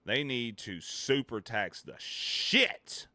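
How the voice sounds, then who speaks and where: A man streamer ranting in casual chat, animated, swearing and laughing between points. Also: mid-range voice, slow, dry recording. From United States.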